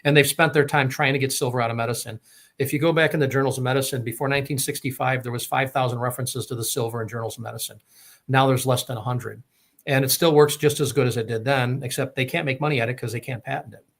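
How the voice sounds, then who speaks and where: Man, fast-talking, rambling, casual storytelling, mid-pitched voice. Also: fairly even intonation, vocal fry. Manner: rambling, many fillers and restarts. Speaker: guest telling his story.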